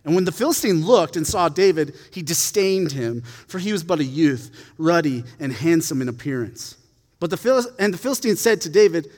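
A man preaches a sermon in a relaxed, joking storyteller's manner. His voice sits a little high. A long reverb trails behind him in a large hall. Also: moderate pace. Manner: casual, animated storyteller with humor. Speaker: pastor.

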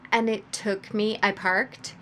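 A woman in relaxed conversation, meandering through a self-mocking anecdote full of fillers. Her mid-pitched voice comes with a faint noise floor behind it. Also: slow pace. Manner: rambling, self-deprecating, with fillers and quoted asides. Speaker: birth worker, podcast co-host. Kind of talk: casual chat.

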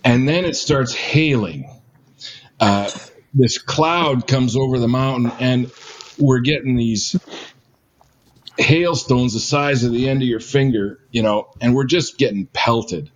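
A man's voice: mid-range voice, slight background noise. Rambling older man telling a story. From Canada. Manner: rambling, many fillers, self-mocking. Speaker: guest storyteller. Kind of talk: casual storytelling.

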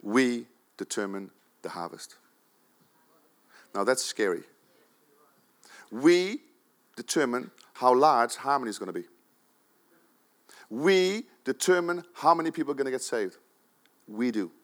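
A pastor from the Netherlands, preaching a sermon in a church, swinging between loud, emphatic urging and quiet asides. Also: male voice, mid-range voice, big pitch swings, a little slow, pauses often.

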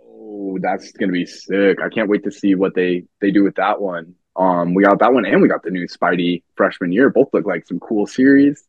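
A man being interviewed as a cosplay guest, laid-back and laughing often, talking in a relaxed way. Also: low voice, normal speed, hardly any pauses, breathy edge, no room sound, phone-quality sound. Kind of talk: casual interview chat.

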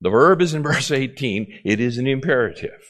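A man's voice: medium pitch, expressive, moderate pace, fairly bright tone. A male pastor preaching an expository sermon, often repeating key phrases and checking in with the congregation.

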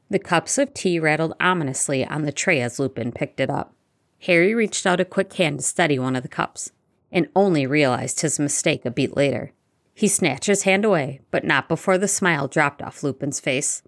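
A woman narrating a fan-fiction story aloud in an even, steady storytelling manner. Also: low voice, normal speed. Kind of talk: reading fanfiction aloud.

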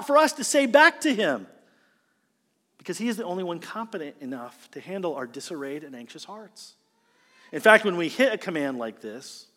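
A man preaches a sermon in a fairly high voice, his pitch and volume climbing whenever he stresses a point. He sounds earnest and direct. The sound rings with the long reverb of a church hall. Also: fairly bright tone. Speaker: pastor.

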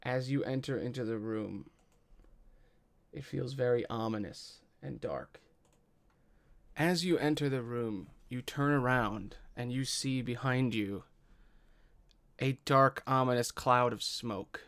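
Game master, male, slow gravelly narration. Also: mid-range voice, a bit bright.

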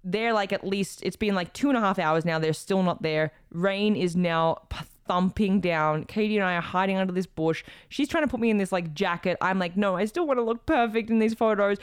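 A woman recounting a proposal story in casual chat, expressive and quoting people as she goes. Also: medium pitch, fairly quick, few pauses, clean tone, dry recording, clean studio sound. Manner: expressive, quotes people, frequent laughs.

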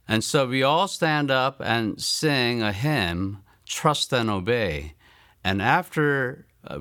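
Earnest low-voiced man telling his testimony. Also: fairly bright tone, dry recording, clean studio sound. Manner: earnest and reflective, slowing down to stress key lines. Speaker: testimony speaker. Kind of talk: personal testimony storytelling.

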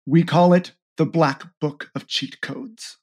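A man's voice: on the high side, fairly even intonation, takes it slowly, a little mellow. A man voicing a stern female spy agency director who speaks curtly and commandingly. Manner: curt, commanding.

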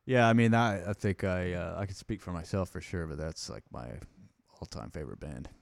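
A man's voice: low-pitched, a little fast, vocal fry, dry recording, studio quality. A man hosting a podcast in casual chat, laughing often and retelling movie scenes. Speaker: podcast host.

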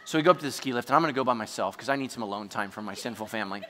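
A man preaching a sermon, telling a story with animated energy and sudden shouts. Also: medium pitch, rapid-fire, long reverb tail, slight background noise. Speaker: pastor.

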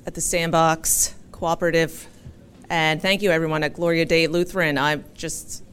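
A woman's voice: deep voice, a bit bright, slight background noise. A woman from Philadelphia giving a chatty, humorous public speech as a talk show host. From Philadelphia, USA.

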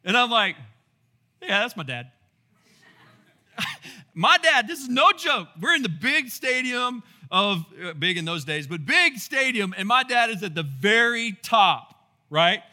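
A man preaching a sermon as pastor, animated and storytelling with asides and rhetorical questions. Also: extremely high pitch, a little slow. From Texas.

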